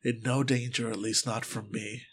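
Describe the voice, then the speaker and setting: A man voicing a mysterious stranger who seems young yet carries himself like an old man, speaking in a soft, gentle, knowing way. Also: medium pitch, moderate pace, husky, lightly acted. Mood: calm, knowing. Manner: calm, fond, knowing.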